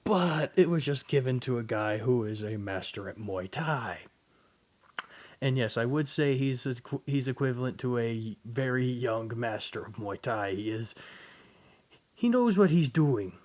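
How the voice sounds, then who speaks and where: Young male storyteller, slow and meandering, casual and profane, mid-range voice. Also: medium pitch, animated, darkish tone. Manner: rambling, profane, self-correcting. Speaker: fan-story narrator. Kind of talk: casual spoken story retelling.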